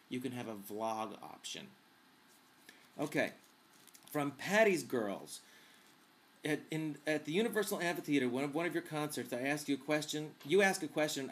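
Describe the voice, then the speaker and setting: A man's voice: medium pitch, fairly bright tone. A man hosting a casual vlog, answering viewer questions in a chatty, campy, wisecracking way.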